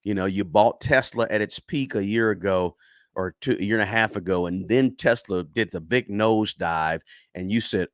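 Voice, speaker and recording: Low-voiced man hosting a casual livestream. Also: normal speed, no echo, studio quality. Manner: conversational, tags lines with "right?", many restarts. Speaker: finance channel host. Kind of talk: casual livestream talk reading chat.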